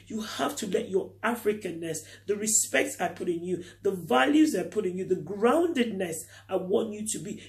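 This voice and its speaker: A middle-aged man, talking straight to his viewers in a reflective vlog. His voice sits high, and he leans on earnest rhetorical questions. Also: a little mellow. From Nigeria. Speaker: vlogger. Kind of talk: reflective talk to camera.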